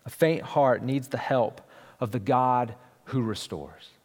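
A man's voice: mid-range voice, takes it slowly, big-room sound. A man in his thirties preaching a sermon as pastor, conversational and storytelling, with frequent restarts.

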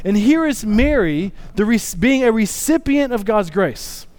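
Male pastor, conversational sermon delivery, light high voice, crisp and clear. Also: sing-song, unhurried. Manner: conversational, restarts sentences, reads scripture more quietly.

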